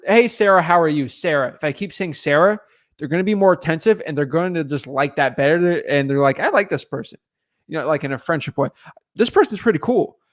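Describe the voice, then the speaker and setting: A young man giving a live, conversational sales training talk as a real estate wholesaling coach, energetic and repetitive. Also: on the high side.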